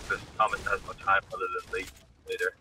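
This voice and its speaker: A young man streaming from his car, teasing his friends in profane banter while his voice is going hoarse. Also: sits low, monotone, fast talker, pushed and bright, slight background noise, rough recording. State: losing his voice. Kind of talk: casual chat with friends.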